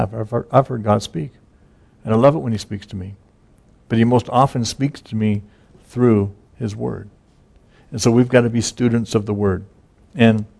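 A man's voice: medium pitch, vocal fry, darkish tone. A man preaching a casual sermon, retelling scripture in a folksy, conversational way with many fillers. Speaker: pastor.

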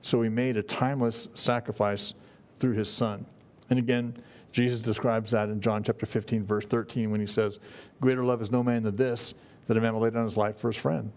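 Speaking a little fast, this middle-aged pastor has a fairly low, darkish voice with little pitch movement. He addresses the congregation conversationally, often starting phrases over and dropping in "you know."

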